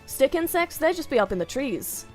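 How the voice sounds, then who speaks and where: An Australian woman chats on a stream in a high, bouncy voice that swoops up and down, breaking into giggles as she drifts from one tangent to the next. Soft music plays faintly behind her. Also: very animated, normal speed. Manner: giggly, chatty, rambling tangents. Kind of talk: casual stream chat.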